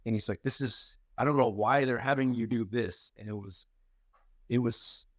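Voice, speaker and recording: A man's voice: medium pitch, normal speed, dry recording. A man co-hosting a podcast, chatting casually and telling family stories with rambling restarts and easy laughter. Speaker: podcast co-host. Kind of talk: casual chat.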